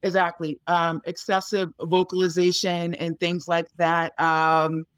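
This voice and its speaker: A woman's voice: on the low side, flat delivery, a little slow, clear, resonant tone, no room sound, clean studio sound. A woman dog trainer giving casual advice in a conversation, explaining in a chatty way full of fillers like um and you know.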